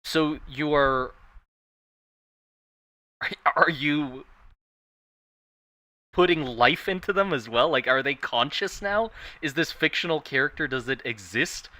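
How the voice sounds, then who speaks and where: A man streaming casually while drawing, rambling and animated, swearing freely. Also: a little high, slow pace, long pauses, no echo. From Thailand.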